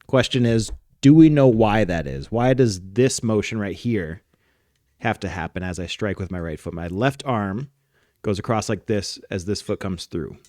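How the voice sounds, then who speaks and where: A man's voice: lowish voice, expressive, moderate pace, a little mellow, dry recording, clean studio sound. A man co-hosting a soccer podcast, explaining technique while demonstrating it in a casual, instructional way. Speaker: soccer coach and podcast co-host.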